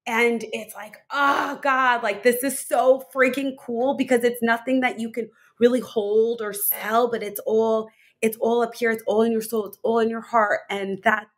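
A woman's voice: a little high, level tone, normal speed. A woman health coach as an interview guest, talking enthusiastically and rambling with many fillers. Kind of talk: conversational interview.

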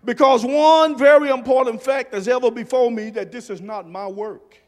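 A pastor preaching a sermon, dropping to soft low murmurs and rising to shouted emphasis. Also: male voice, steady tone, moderate pace, in a large hall. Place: church sanctuary.

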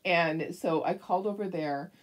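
An older woman telling a rambling story in a chatty, animated way while she paints a craft, laughing often. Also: on the low side, moderate pace. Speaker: craft vlogger.

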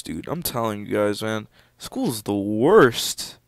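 A teenage boy casually commenting on a game he plays, given to sudden loud excited outbursts. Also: slow pace, clear, resonant tone, no echo. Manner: excitable, jumps into loud high-pitched outbursts. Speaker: gameplay commentator. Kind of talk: casual let's-play commentary.

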